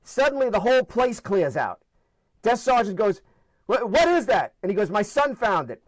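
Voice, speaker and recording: A man with a New York accent tells funny stories, acting out the voices as he goes. His voice sits high for a man. The sound is dry and close, with no room around it. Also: moderate pace, no echo. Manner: animated, acts out voices in anecdotes. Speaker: guest storyteller. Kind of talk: casual storytelling.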